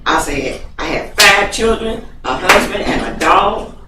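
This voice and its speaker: A woman's voice: medium pitch, lively intonation, a little slow. A middle-aged woman giving a personal testimony in earnest, emphatic speech that stumbles and repeats words for stress. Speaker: congregation member. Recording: distant roomy mic with clear background noise.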